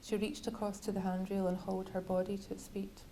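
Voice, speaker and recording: A woman author reading from her own novel at a bookshop event, measured and wryly literary. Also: mid-range voice, little pitch movement, warm tone, a little hiss or hum, rough recording.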